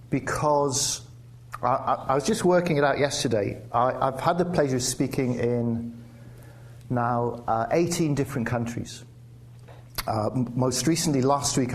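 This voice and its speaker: Wry English man giving a lecture. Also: mid-range voice. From England. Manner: conversational, self-interrupting with restarts and wry asides. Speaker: guest speaker. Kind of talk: public lecture. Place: lecture theatre. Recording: faint background noise in a lecture hall.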